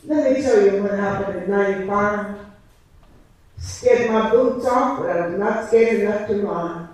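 With a mid-range, slightly mellow voice and a somewhat slow pace, a woman shares a passionate testimony in church. She's a licensed preacher who leans into preaching cadence and emphatic repetition, heard distantly in an echoey room.

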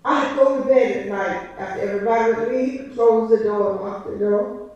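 A woman's voice: on the high side, moderate pace, darkish tone, highs cut off. A woman giving an impassioned church testimony as a licensed preacher, with a preaching cadence and emphatic repetition. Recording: echoey church from a distance.

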